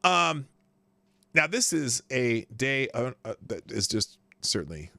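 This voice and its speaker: A man's voice: mid-range voice, big pitch swings, takes it slowly, creaky, sharp tone, dry recording. A man hosting a live news stream, chatting casually, greeting viewers by name and often trailing off mid-sentence. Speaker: livestream news show host. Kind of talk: casual livestream chat.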